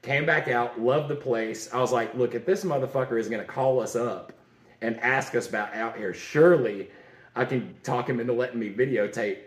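A man's voice: medium pitch, normal speed, reverberant. A man hosting a podcast in casual chat, telling stories loosely with lots of swearing and fillers. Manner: loose, profane storytelling with frequent fillers. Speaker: podcast host.

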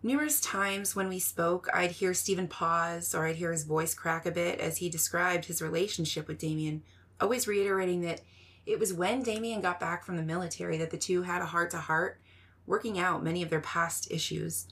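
A woman hosting a podcast, giving measured, scripted true-crime narration. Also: fairly low pitch, steady tone, fairly bright tone.

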